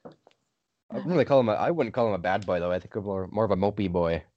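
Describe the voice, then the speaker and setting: A man's voice: lowish voice, animated, fast talker, no room sound. Young guy podcaster, dry offhand takes, dead dry room, dull muffled audio. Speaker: podcast co-host. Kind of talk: casual chat.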